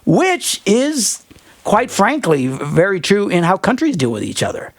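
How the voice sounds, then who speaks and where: A man's voice: high voice, wildly swooping pitch, measured pace, no echo. A middle-aged man hosting a radio advice show, rambling and joking and laughing often. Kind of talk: call-in advice show banter.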